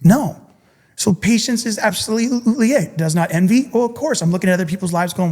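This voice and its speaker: A man's voice: high-pitched, animated, a little fast, a little mellow, long reverb tail. A middle-aged man, a podcast guest and coach, telling a personal story intensely and earnestly. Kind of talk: candid interview talk.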